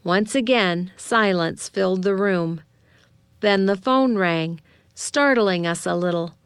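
A woman narrating a children's novel in a measured, gentle storytelling manner. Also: mid-range voice, smooth, no echo, studio quality. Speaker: audiobook narrator.

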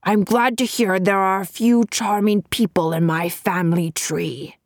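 A woman's voice: medium pitch, steady tone, unhurried, no echo, clean studio sound. A woman voicing a stern, frail old man with a long beard who speaks testily and thunders when angered. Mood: weary.

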